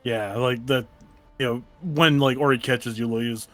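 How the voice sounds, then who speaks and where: A man's voice: mid-range voice, steady tone, moderate pace, a bit bright, soft background music. A man playing a tabletop game, rambling and filling his talk with "like". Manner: rambling, full of "like". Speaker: player. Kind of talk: casual tabletop play.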